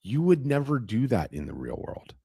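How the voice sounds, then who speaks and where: A man's voice: medium pitch, wildly swooping pitch, normal speed, creaky, mellow, slightly rough, no room sound, clean studio sound. A man hosting an art business talk, speaking emphatically to camera, going on tangents and repeating phrases for effect. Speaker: host of an art business webinar. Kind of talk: animated motivational talk to camera.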